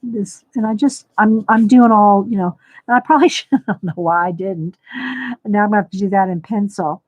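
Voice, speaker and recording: A woman runs a laid-back coloring livestream, narrating her thoughts while she works and saying hello to viewers by name. Her mid-range voice moves fairly quickly, and the dry recording sounds muffled.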